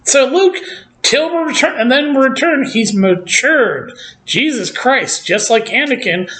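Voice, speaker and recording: A speaker giving a casual opinion rant about films, profane, exasperated and sarcastic, mocking characters with quick put-on quotes. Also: high voice, animated, fairly bright tone, poor audio. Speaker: film commentator.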